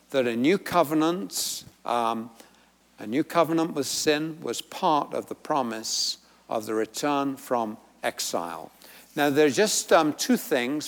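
A man teaches scripture to a gathered congregation, unhurried and conversational. He often lifts into emphatic, energetic bursts to stress a point. His voice carries a long reverb from the church hall around him. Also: mid-range voice. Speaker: Bible teacher. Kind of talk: Bible study teaching.

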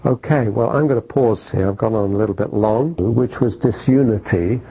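Husky-voiced male preacher. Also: on the low side, moderate pace, dark tone, low-quality recording. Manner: repeats phrases for emphasis, asks listeners questions. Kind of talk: sermon.

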